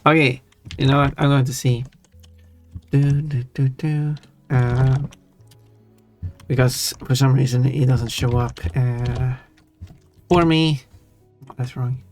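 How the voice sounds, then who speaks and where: A man's voice: medium pitch, fairly even intonation, slow, pauses often. A man chatting casually on a stream while reading chat, rambling and often restarting his words. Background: soft chill music.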